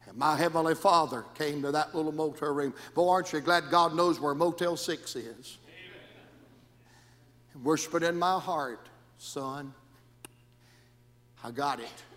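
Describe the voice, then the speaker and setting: A man preaching a sermon in a rhythmic style that swings from shouts down to near whispers. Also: fairly high pitch, moderate pace, big-room sound.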